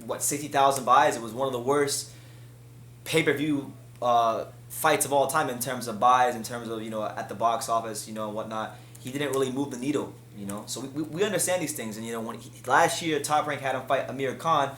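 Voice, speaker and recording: A man hosting a boxing news commentary, talking heatedly and climbing higher in pitch when he gets frustrated. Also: fairly quick, a bit bright, echoey room. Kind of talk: solo commentary.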